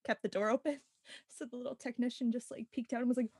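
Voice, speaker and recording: Woman, fairly high voice, bubbly, laughs a lot, dry close recording. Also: steady tone, fast talker, darkish tone, breathy edge, no room sound. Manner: giggly and enthusiastic. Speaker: musical theatre cast member. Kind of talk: casual backstage chat.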